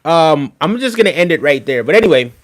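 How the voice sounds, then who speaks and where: A man hosts a casual live stream, talking straight to his viewers and answering their comments. His voice sits a little high, and he rambles with plenty of fillers and restarts. When he rants, he gets heated and insistent. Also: very animated, a little fast, slight background noise. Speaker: livestream host.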